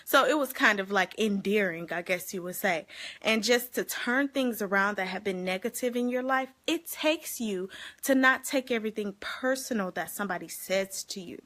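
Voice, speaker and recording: A woman vlogging casually to her viewers, giving life advice in an animated, chatty way and laughing often. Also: mid-range voice, moderate pace. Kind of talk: casual talk to camera.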